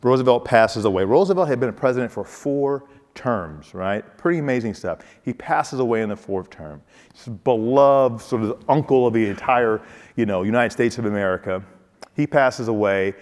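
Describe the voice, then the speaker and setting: Speaking with a medium-pitched, darkish voice at a moderate pace, a keynote speaker and ex-football player tells stories in a humorous motivational talk aimed straight at his listeners. The sound has a big-room quality.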